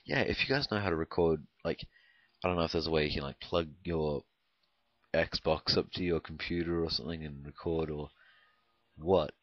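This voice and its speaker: Young man, very low voice, rambling gameplay commentary, lots of ums, dull lo-fi sound. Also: normal speed, no echo. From Canada. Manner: rambling, hesitant, full of ums and likes. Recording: dry, dull lo-fi home recording.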